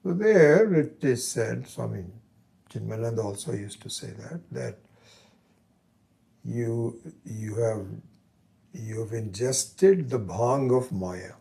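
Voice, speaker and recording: A man teaching Vedanta, telling a story in a halting way and acting out its voices. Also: mid-range voice, animated, gravelly, warm tone. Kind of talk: spiritual lecture with storytelling.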